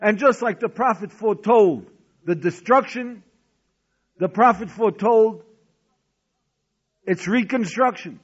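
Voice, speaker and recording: A man's voice: high-pitched, measured pace, long pauses, husky. A man voicing an ancient rabbi, a joyful and hopeful sage, explaining earnestly. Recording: dull lo-fi recording.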